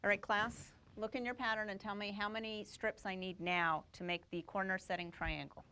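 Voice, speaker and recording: A woman's voice: medium pitch, fairly even intonation, normal speed, sharp tone, a little hiss or hum. A woman teaching a quilting class, explaining each step and checking that the students follow. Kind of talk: live classroom demonstration.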